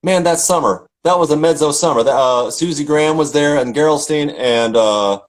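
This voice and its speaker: A man's voice: a little high, moderate pace, low-quality recording. A middle-aged man from Tennessee, an opera singer chatting casually and telling stories with lots of fillers and restarts. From Tennessee, USA. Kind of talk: casual chat.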